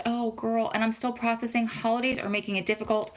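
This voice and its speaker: A woman's voice: a little high, fast talker, slight background noise. A woman in her thirties from New Jersey, hosting a casual live question-and-answer vlog, telling stories with lots of quoted back-and-forth and sounding close to tears. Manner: chatty, animated storytelling with quoted dialogue. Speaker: vlog host.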